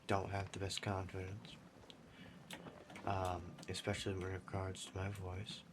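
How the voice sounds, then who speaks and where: Speaking at a measured pace, a man with a deep voice and totally flat delivery chats over his gameplay as a gaming YouTuber. He rambles and is self-deprecating, while computer keyboard typing sounds clearly in the background.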